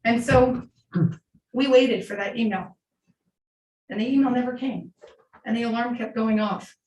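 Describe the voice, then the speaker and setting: Her voice is fairly high, steady, a little slow and a little mellow. A veteran middle school teacher in her 40s, she offers earnest, unscripted storytelling as public comment to a school board in a large meeting room, recorded from a distance with echo and faint hiss.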